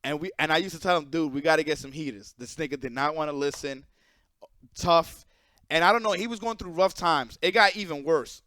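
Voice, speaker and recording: A man hosting his own channel, telling a story in a casual, animated and profane way. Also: fairly high pitch, a little fast, no room sound, clean studio sound. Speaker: channel host.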